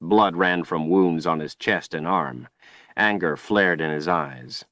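A man reading an audiobook in steady, grave scripted narration on a close studio mic. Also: sits low, slow pace, no echo.

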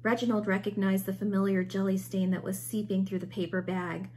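Woman teacher, picture-book read-aloud, expressive storytelling, middle-pitched voice. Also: fairly quick, slight background noise.

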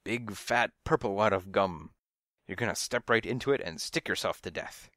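A man's voice: fairly low pitch, normal speed, fairly bright tone, no echo, studio quality, natural voice. A man voicing a nosy, fussy old woman who scolds and gossips from her windowsill in a storybook reading. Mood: scolding. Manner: fussy, scolding, hard of hearing.

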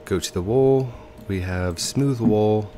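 Slow-talking man with put-on English accent. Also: lowish voice, warm tone, slight background noise. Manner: hesitant, with frequent ums and self-corrections. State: stuffy, congested nose. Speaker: let's play host. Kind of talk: game commentary.

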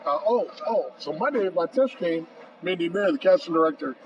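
A man in his fifties, a podcast guest, telling a long anecdote with lively acted-out dialogue and frequent "bro.". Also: fairly high pitch, a little fast. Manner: lively storyteller acting out both sides of phone calls, says "bro" often. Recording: distant, dull and noisy.

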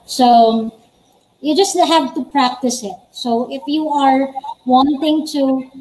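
Woman, guest, fairly high voice, practical, explains step by step, video call. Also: steady tone, slow pace, darkish tone, poor audio. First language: Filipino. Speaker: guest, former call center agent. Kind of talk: interview answers on a live stream.

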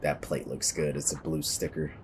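A man's voice: a bass voice, little pitch movement, moderate pace, background noise. A man giving casual, wry running commentary while playing a police video game. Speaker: gameplay commentator.

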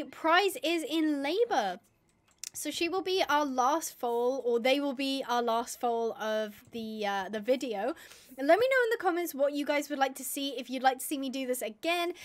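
High-voiced chatty young woman gamer. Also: fairly bright tone. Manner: chatty, rambling, frequent fillers and self-corrections. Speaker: gaming YouTuber. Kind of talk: casual gameplay commentary.

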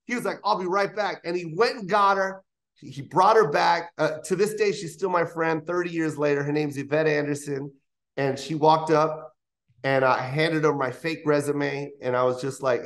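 Animated male comedian telling stories. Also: a little high, moderate pace. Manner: animated, acts out voices in anecdotes. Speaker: comedian guest. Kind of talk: interview storytelling. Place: interview studio.

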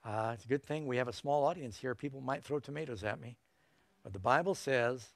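A man's voice: medium pitch, expressive, brisk, creaky, no echo. A middle-aged male preacher giving an evangelistic sermon in a folksy, emphatic way, with joking asides.

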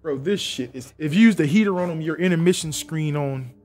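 A man's voice: on the high side, a little fast, darkish tone. A young man streaming a game live, commenting in an exasperated, profane way and repeating himself. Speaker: gaming streamer.

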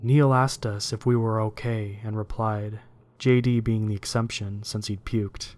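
Man narrating a horror story. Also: on the low side. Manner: steady, measured storytelling reading.

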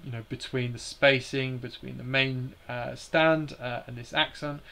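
A man's voice: medium pitch, flat delivery, measured pace, creaky, fairly bright tone. A man hosting a live stream, explaining slides in a hesitant way with many fillers and restarts.

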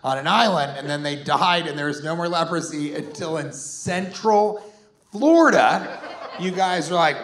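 A man in his forties doing a rambling, sarcastic stand-up set, sometimes bursting into shouted put-on voices. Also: sits high, moderate pace, background noise. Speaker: stand-up comedian. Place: comedy club stage before a laughing audience. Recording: roomy live club sound with crowd.

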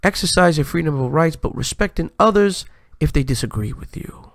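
Gravelly man lecturing his viewers. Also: on the high side, animated, brisk, no room sound, studio quality. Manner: preachy, emphatic lecturing. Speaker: live-stream host. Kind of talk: commentary vlog.

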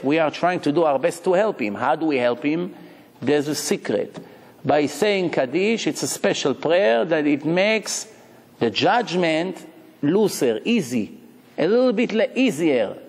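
Rabbi man giving a sermon, storytelling style, bit high voice, echoey hall. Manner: animated storytelling with rhetorical questions. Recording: long hall reverb.

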